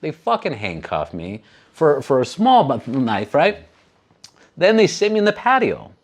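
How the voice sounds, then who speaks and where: On a casual podcast, a man with a somewhat high voice tells a long story at a slightly slow pace. He gets animated, swears without holding back, and mimics what others said.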